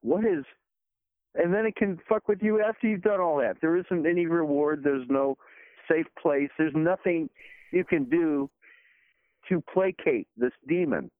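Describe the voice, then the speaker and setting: A man's voice: fairly high pitch, measured pace, no echo. Man on a tinny phone line. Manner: rambling, many fillers and restarts. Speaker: guest, former special effects worker. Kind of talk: casual podcast chat.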